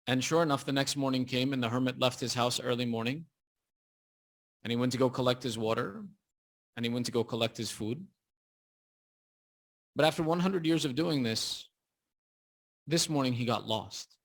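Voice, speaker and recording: A man preaching a sermon, retelling a story in a lively, dramatic way. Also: mid-range voice, moderate pace, vocal fry, pauses often.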